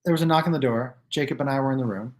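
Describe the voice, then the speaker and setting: A man hosting his own live stream, telling stories casually to viewers and acting out the people in them with loose, profane, animated delivery. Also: medium pitch, rapid-fire. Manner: animated, acts out quoted dialogue with "I go" and "he goes"; loose and profane, with restarts and fillers.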